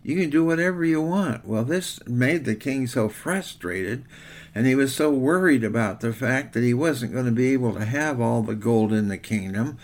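An older man preaching in a homespun, rambling way, pausing on fillers as he tells a story. His voice has a gravelly, creaky edge at a middle pitch. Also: animated. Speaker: pastor. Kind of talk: folksy devotional sermon with a told story.

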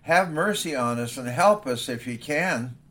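A man's voice: mid-range voice, animated, a little slow, bright, forceful tone. A man voicing a desperate father who pleads for help for his son. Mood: pleading.

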